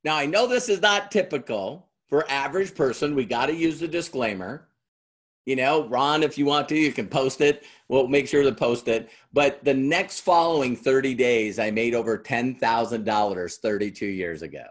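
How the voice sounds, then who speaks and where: Speaking at a normal speed in a medium-pitched voice, this middle-aged man gives a conversational talk as a motivational speaker. While telling his story, he plays out both parts of old conversations.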